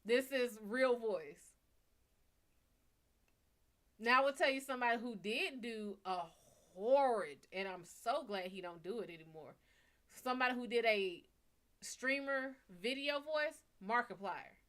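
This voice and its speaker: A young woman with a Bayou accent, talking in a blunt, profane, animated way on a casual live stream. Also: measured pace. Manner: blunt, animated and profane, swinging from loud to low. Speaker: live stream reader and host.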